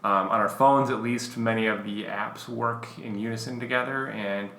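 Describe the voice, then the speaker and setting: A man's voice: fairly low pitch, normal speed, roomy sound, a little hiss or hum. A man co-hosting a podcast in casual chat, rambling with lots of fillers. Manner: relaxed, rambling, filler-heavy. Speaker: podcast co-host.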